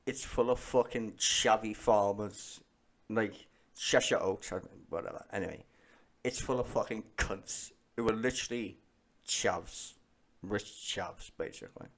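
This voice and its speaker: A man's voice: on the low side, measured pace. A man, ranting and swearing bluntly while streaming live commentary.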